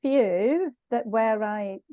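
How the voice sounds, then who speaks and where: A woman's voice: fairly high pitch, drawn-out words, dry recording, highs cut off. A woman teaching a language class online, explaining sounds patiently and chatting with viewers.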